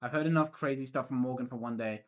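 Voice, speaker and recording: A young man on a stream reads a visual novel aloud, narrating as the protagonist. He keeps breaking off with joking, profane asides in a middle-pitched voice. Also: fast talker.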